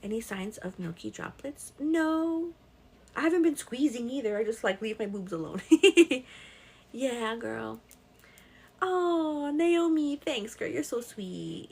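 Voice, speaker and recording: Young woman live-stream host, pregnant, chatty and warm with her viewers, slightly high voice. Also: lively intonation, takes it slowly, gravelly, husky. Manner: chatty and affectionate, calls viewers "girl". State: pregnant with twins. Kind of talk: casual chat reading live comments.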